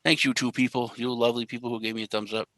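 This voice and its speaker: A young man from the US Central Time Zone hosts a casual crypto live stream, rambling and joking at his own expense. His mid-range voice is level in tone, fairly bright, and rapid-fire. The audio is poor, with no room sound.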